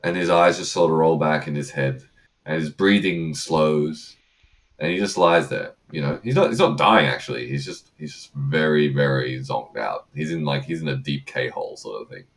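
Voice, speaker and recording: A man's voice: a bass voice, moderate pace. A man narrating as game master of a tabletop game, rambling with many fillers.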